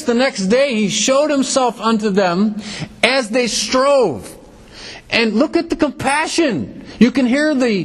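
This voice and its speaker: A man preaching a sermon, reading scripture and explaining it, his voice dropping low and rising again for emphasis.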